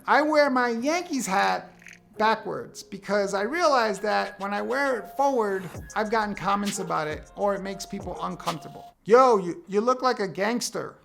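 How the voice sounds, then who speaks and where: Man, 50s, heavy vocal fry, candid wry talk to camera, faint music behind. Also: sits high. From United States. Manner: candid, wry, animated storytelling. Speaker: vlogger sharing a personal list.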